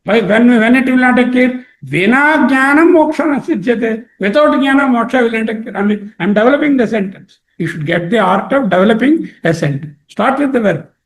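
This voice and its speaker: Animated teacher, lively high voice. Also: male voice, brisk, hardly any pauses, echoey room. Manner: repeats and drills each word, asks himself questions and answers them. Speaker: teacher of scripture. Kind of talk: explaining a Sanskrit text to a study circle.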